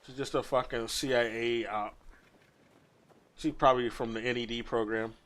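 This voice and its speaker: A man's voice: mid-range voice, steady tone, moderate pace, a bit bright. Crude ranting man mocking on stream. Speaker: streamer reacting to a video. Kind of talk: casual profane commentary.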